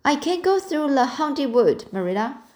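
A woman's voice: medium pitch, a little slow, natural voice. A woman reading the part of a dreamy, talkative orphan girl in an audiobook, in an earnest, romantic and breathless manner. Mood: frightened.

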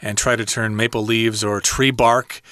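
Male English teacher, casual lesson, crisp bright tone, reads then explains. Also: on the low side, level tone, moderate pace, no room sound, clean studio sound. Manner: reads a text, then explains it in plain words. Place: lives in Taiwan.

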